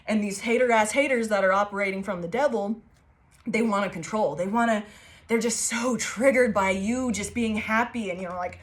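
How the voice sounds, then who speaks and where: A woman doing a casual channeled tarot reading, talking straight to her audience. She swears freely, jokes around and keeps laughing between her points. Her voice sits at a middle pitch for a woman. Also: fairly quick. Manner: profane, playful, laughs often. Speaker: tarot reader.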